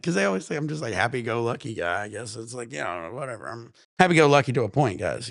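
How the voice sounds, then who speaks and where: A man rambles through a loose, laid-back vlog chat, swearing freely and sounding high. His voice has a gravelly, creaky edge. It is recorded dry and close, with no room sound. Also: sing-song, quick pace, hardly any pauses, dry recording. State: high while talking. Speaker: vlog host. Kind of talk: casual chat.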